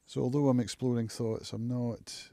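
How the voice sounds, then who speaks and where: A man hosting his own live stream from home, thinking aloud in a reflective, musing way with frequent pauses. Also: medium pitch, flat delivery, creaky, dark tone, no room sound. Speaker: channel host, recovering alcoholic. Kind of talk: casual live-stream monologue.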